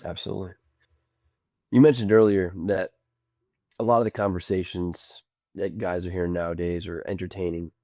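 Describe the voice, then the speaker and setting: A man hosting a podcast, offering brief affirmations and asking measured interview questions. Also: sits low, level tone, warm tone, no room sound, clean studio sound. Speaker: podcast host.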